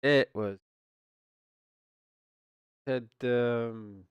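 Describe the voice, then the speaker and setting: A man's voice: medium pitch, fairly even intonation, extremely slow, clear, resonant tone, dry recording. A man streaming casual ranting commentary, rambling, swearing, stumbling over his words and restarting often. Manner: rambling, swears, stumbles and restarts, repeats "you know what I mean".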